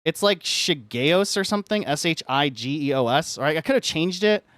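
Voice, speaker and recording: A male live streamer who rambles through a story in casual chat, packing nearly every phrase with "like." His voice sits a little high for a man. It is recorded dry and close, with no room echo. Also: lively intonation, moderate pace, fairly bright tone. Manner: rambling, says "like" constantly; frustrated ranting.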